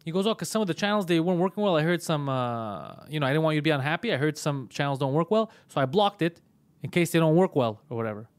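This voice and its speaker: The man here hosts a comedy podcast, speaking quickly in a slightly high, clean-toned voice. He tells a story casually and profanely, animatedly voicing both parties in a phone argument.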